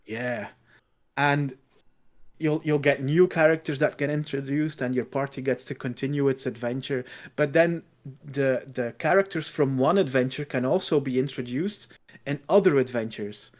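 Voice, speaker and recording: A man's voice: mid-range voice, moderate pace. A man co-hosting a podcast in casual chat, talking about a game with enthusiasm. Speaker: podcast co-host.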